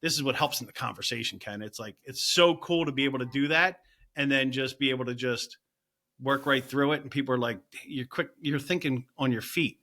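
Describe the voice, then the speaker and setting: Upbeat, bright-voiced man chatting. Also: medium pitch. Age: middle-aged. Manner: energetic, talks in quick bursts with many "you know" and "right?" tags. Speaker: real estate agent, podcast guest. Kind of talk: casual interview chat.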